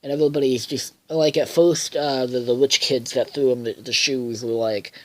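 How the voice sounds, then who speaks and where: A tired man at a mid pitch rambles through a cartoon recap. He swears freely, leans on fillers, and keeps losing his thread. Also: steady tone, moderate pace, a little mellow. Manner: profane, filler-heavy, loses his train of thought. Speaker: cartoon episode reviewer.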